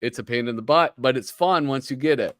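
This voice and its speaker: Brisk and fairly bright, this mid-range male voice comes through with studio quality and no room sound. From a home streaming setup, he chats casually on a livestream as he reads comics, rambling on, running himself down, and laughing often between filler words.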